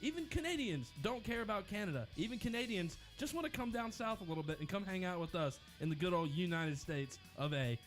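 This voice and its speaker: Animated young man mock-ranting on air. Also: sits high, brisk, hardly any pauses, soft background music. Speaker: radio show co-host. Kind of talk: casual radio banter.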